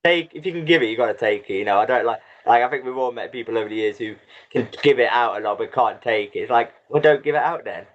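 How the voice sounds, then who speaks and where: A man's voice: medium pitch, fast talker. A man hosting a casual podcast chat, self-deprecating and laughing often. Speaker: host. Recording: dull lo-fi audio.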